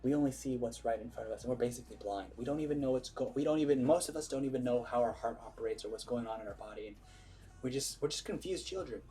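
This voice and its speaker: Man, earnest spoken prayer, emphatic, restarts often, mid-pitched, faint music underneath. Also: quick pace, mellow. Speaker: vlogger leading a prayer. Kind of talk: spoken prayer and informal preaching.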